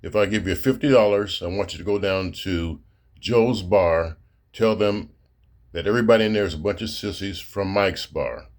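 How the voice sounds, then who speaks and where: A brusque, gruff bartender, as a joke teller puts him on. He speaks in a low, deep voice with little fuss. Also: moderate pace. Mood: scheming.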